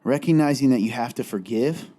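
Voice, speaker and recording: A warm-toned man at medium pitch talks fairly quickly as co-host of a candid faith podcast. Earnest and rambling, he is teary and close to breaking down in tears.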